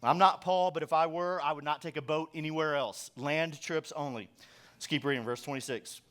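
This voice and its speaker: A middle-aged man delivers a sermon as pastor, with a voice that sits a little higher than most men's. He talks to the congregation in a loose, conversational way, tossing in jokes and acting out quick bits of dialogue. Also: fairly even intonation, fairly bright tone. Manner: conversational, joking preaching with acted-out quotes.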